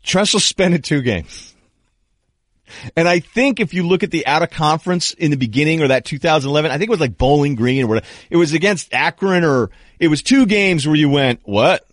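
A middle-aged man hosting a sports talk show, delivering an animated monologue and acting out quoted people in raised voices. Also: fairly high pitch, quick pace, hardly any pauses, dry recording, clean studio sound. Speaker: sports talk radio host.

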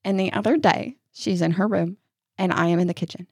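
A woman's voice: lowish voice, steady tone, brisk, darkish tone, slightly rough, no room sound, studio quality. A woman co-hosting a podcast, chatting casually, laughing often and telling stories with animation. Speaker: podcast co-host. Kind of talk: casual chat.

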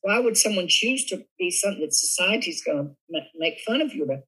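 A man with a Southern US accent, a guest telling funny stories in a giggly, animated way. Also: high-pitched, quick pace, husky, rough recording. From Tennessee, USA. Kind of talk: casual storytelling interview.

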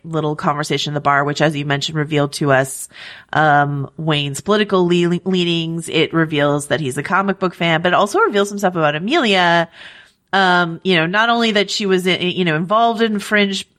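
Chatty woman podcast co-host, lowish voice. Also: brisk, a bit bright. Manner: chatty, lots of likes and ums, laughs easily. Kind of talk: casual chat.

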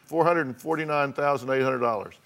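A man's voice: mid-range voice, a little fast, fairly bright tone. A man hosting a talk show, bluntly lecturing his guests and repeating points for emphasis. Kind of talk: confrontational counseling.

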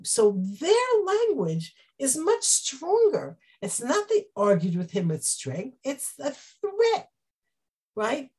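A woman teaching a Bible class, explaining the text with Hebrew terms and acting out the quoted speech with lively energy. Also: high-pitched, slow, husky. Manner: animated, acts out quoted speech.

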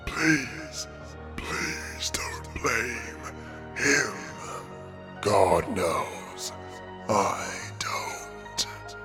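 A man voicing a dead young man, a rotting corpse who speaks in a hoarse, cracked, gurgling voice, very slow, faint and whispery, pleading through sobs. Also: fairly low pitch, very animated, music in the background, voice pushed down.

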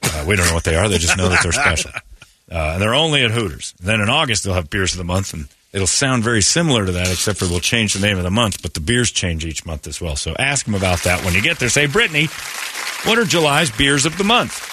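A man's voice: sits low, lively intonation, quick pace, pushed and bright, a little hiss or hum. A man hosting a morning radio show, rambling through a story and acting out other people's lines. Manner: rambling storyteller, acts out voices. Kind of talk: casual morning show banter.

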